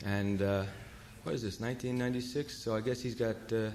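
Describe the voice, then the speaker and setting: Halting, wry man telling a story. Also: lowish voice, steady tone, heavy background noise. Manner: halting, full of fillers and self-corrections; wry, self-deprecating humor. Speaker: guest speaker at a recovery meeting. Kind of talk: storytelling talk to a meeting.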